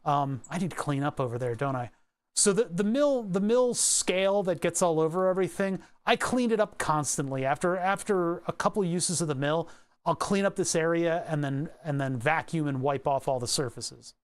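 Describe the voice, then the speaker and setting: A man's voice: on the high side, normal speed, smooth. A man chatting casually on a livestream from his home workshop, rambling and often restarting his sentences. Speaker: streamer.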